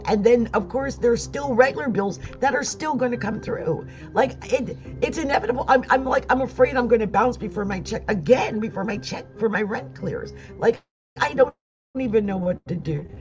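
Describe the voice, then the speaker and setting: A woman's voice: on the high side, darkish tone. Distressed woman on the verge of tears. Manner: upset, rambling, restarts sentences. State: near tears. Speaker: astrologer. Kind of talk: personal vlog monologue. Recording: dull lo-fi sound with faint music.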